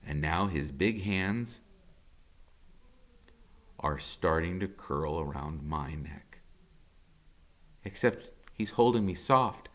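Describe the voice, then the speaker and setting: A man, a teacher, reading a novel aloud with expressive storytelling. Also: low-pitched, takes it slowly, long pauses. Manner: expressive storytelling, rising to intensity.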